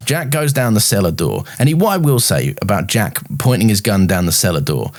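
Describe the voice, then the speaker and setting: A man's voice: fairly low pitch, sing-song, brisk. A man co-hosting a casual rewatch podcast, sweary and jokey, often slipping into silly character voices. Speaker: podcast co-host.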